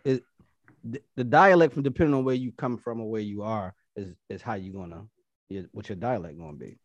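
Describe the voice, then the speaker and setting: A man's voice: lowish voice, brisk, dry recording, muffled recording. A man co-hosting a podcast, arguing animatedly and profanely in casual chat. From Baltimore. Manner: animated, profane, argues points with quoted voices. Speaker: podcast co-host.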